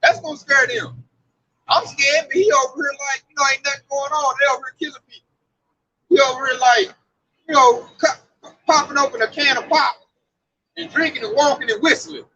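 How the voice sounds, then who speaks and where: A man preaching in loose, excitable chat, riffing and exclaiming between scripture readings. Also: very high voice, fairly quick, pauses often, muffled recording. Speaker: street preacher.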